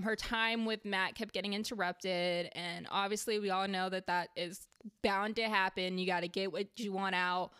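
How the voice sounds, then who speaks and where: A woman talking casually and heatedly through a reality TV recap, chatty and quick to swear when annoyed. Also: mid-range voice, sharp tone, clean tone, dry recording.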